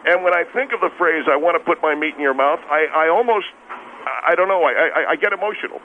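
A man's voice: on the high side, brisk, lightly acted. A man voicing a boastful, hot-tempered middle-aged male steakhouse owner who brags and gets defensive, heard over a phone line. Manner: bragging, defensive, blows up. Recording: tinny phone line with hiss.

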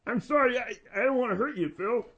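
A man's voice: very high-pitched, quick pace, fairly bright tone, husky, muffled recording. A man co-hosting a talk show, teasing and joking in casual banter. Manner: teasing, playful jokes. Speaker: co-host.

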